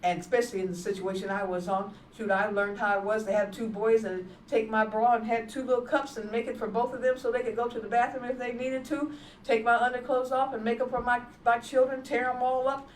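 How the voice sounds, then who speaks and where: A woman evangelist preaches her testimony in an emphatic, repetitive, plainspoken manner. Her voice is on the high side, steady and fairly quick. She's recorded from far off in an echoey room, with slight background noise.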